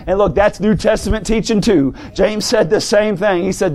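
High-voiced preacher man, folksy and fervent. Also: moderate pace, few pauses. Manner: folksy preaching, calls out "brother, sister", rises to shouts. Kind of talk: sermon. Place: church service.

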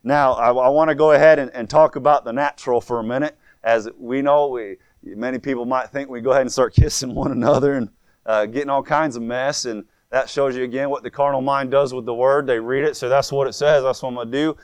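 A male preacher delivering a fervent sermon with a smooth, resonant voice. He speaks earnestly and often repeats words as he builds toward a point. The sound is close and dry, with almost no room echo. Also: mid-range voice, fairly even intonation, a little fast.

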